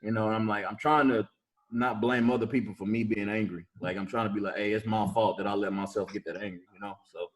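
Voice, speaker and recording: A man co-hosting a podcast, talking reflectively in casual banter, his voice dropping softer at the ends. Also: fairly low pitch, fairly even intonation, fast talker, rough recording. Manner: reflective, drops quiet at ends. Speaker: podcast co-host.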